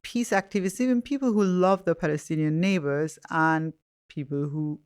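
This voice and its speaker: Smooth-voiced, brisk woman host from Iran. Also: low-pitched, darkish tone, no echo, studio quality. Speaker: podcast host. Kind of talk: interview conversation.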